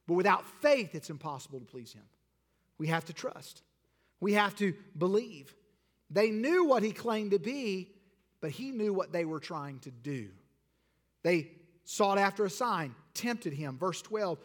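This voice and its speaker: A high-voiced pastor preaches with animated swings from loud declarations to hushed lines. His voice carries a long reverb through a church hall. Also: a little slow. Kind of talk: sermon.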